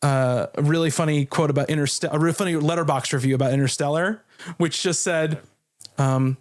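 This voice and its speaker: A man's voice: fairly high pitch, fairly even intonation, fairly quick. A man co-hosting a casual film podcast, talking loosely with fillers and restarts. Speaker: podcast co-host.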